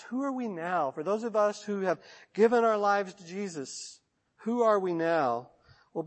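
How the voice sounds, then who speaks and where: High-voiced Texan pastor in a reverberant church. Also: male voice. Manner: rhythmic preaching, long lists, soft drops at line ends. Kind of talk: sermon. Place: church sanctuary.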